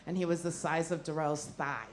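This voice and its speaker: A woman's voice: deep voice, fairly even intonation, moderate pace. A woman doing stand-up comedy, telling a story in a brash, profane way and laughing through her lines on stage in a noisy club.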